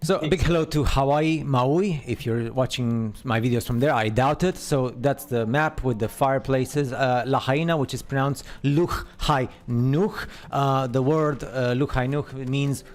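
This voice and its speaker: A man's voice: mid-range voice, fairly even intonation, normal speed, few pauses, soft background music. Casual male streamer chatting offhand. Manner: offhand, with fillers and repeated phrases. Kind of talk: casual live-stream chat.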